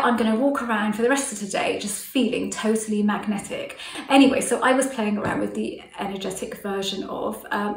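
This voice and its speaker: A woman's voice: mid-range voice, vocal fry, echoey room, distant mic, rough recording. A middle-aged woman telling a story to camera in a chatty way, laughing often and acting out what people said. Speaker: vlogger.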